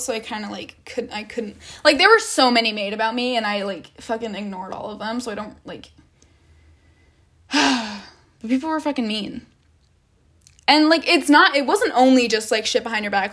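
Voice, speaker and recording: A young woman talks straight to her audience in a loose, rambling storytime. Her voice sits a little high, and she strings her thoughts together with constant "like"s and casual swearing. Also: fairly bright tone. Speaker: vlogger.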